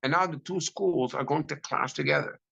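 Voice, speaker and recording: A middle-aged man, a rabbi, giving a lecture to a class in an animated storytelling way, with frequent restarts. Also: a little high, normal speed, gravelly, muffled recording.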